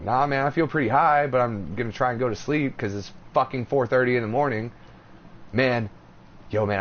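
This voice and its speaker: Brief: male podcast host, animated storyteller, swears freely, dull lo-fi recording with faint hiss. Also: medium pitch. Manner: animated storytelling, profane, acts out quotes. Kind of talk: casual chat. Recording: dull lo-fi audio, faint noise.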